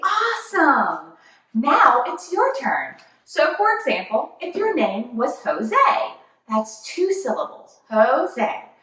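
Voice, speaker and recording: Young woman, kids' yoga teacher, high bouncy voice, very echoey room, heard from afar. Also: big pitch swings, takes it slowly, pushed and bright, recorded from a distance. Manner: cheerful, sing-song, encouraging. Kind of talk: children's yoga class instruction.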